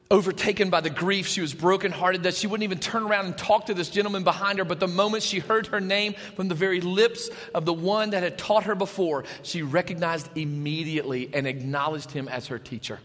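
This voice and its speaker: A man preaching a sermon as pastor, animated, shouting at times and dropping to a hush. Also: high voice, long reverb tail.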